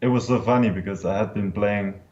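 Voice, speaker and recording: A man speaking as a guest in a casual poker chat, calm, measured and modest. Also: lowish voice. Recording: dull lo-fi sound.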